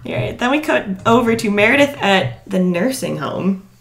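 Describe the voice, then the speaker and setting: A woman co-hosting a podcast in casual chat, laughing often and quoting lines in high mock voices. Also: expressive, moderate pace, vocal fry. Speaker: podcast co-host.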